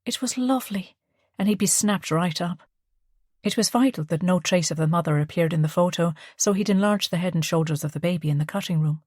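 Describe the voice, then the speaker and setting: A woman reads a novel aloud at a measured, storytelling pace. Her voice sits low, and the recording is close and dry, with no room around it. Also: darkish tone, no room sound. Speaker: audiobook narrator. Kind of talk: scripted narration.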